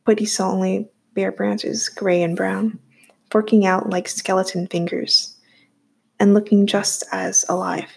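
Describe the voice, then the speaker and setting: A woman reading a novel aloud in a steady storytelling manner. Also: mid-range voice, unhurried, creaky, husky. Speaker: audiobook reader.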